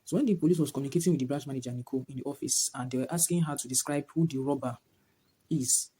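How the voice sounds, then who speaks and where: A man's voice: mid-range voice, very fast, warm tone, slightly rough. A man giving a casual movie review to camera, retelling the plot in a rambling way full of "like" and "whatnot".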